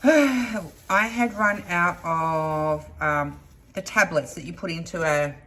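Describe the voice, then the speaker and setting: Speaking slowly in a lowish, somewhat bright voice, this crafting-channel host tells stories to the camera in a casual way. Her storytelling wanders, chatty and packed with asides.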